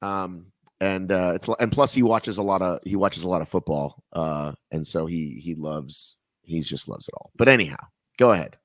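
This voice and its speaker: A man hosts a relaxed chat, joking and wandering off on tangents. His voice sits fairly low, and the sound is dry and close. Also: normal speed, dry recording. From American South. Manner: rambling, jokey, goes off on tangents. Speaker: podcast host. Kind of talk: casual video-call interview.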